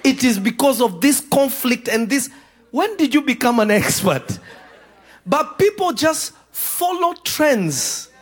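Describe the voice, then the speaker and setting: A man preaching a sermon to a congregation, joking and laughing through his stories before rising to shouted points. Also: very high voice, sing-song, slow pace. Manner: humorous, laughing at his own stories, then building to shouts.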